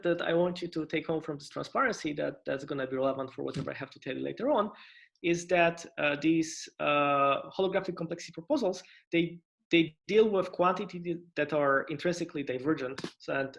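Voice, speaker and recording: A man giving an online conference lecture on physics, talking in a halting way with many restarts and fillers and inviting questions. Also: a little high, vocal fry, a bit bright. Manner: asks for questions and interruptions. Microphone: computer mic on video call.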